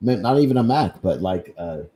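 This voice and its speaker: A man's voice: fairly low pitch, expressive, fairly quick, warm tone. A man co-hosting a casual stream chat, talking loosely, swearing and trailing off. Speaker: co-host.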